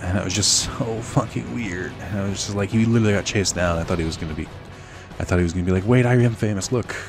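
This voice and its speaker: A man's voice: low-pitched, fast talker, over music. A young man telling a rambling, sardonic story while playing a video game, full of fillers. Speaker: let's play host. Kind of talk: casual storytelling while gaming.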